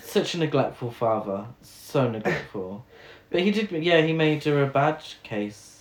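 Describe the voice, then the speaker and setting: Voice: medium pitch, expressive, measured pace. A podcast co-host recapping a film in casual chat, sarcastic and laughing. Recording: echoey room.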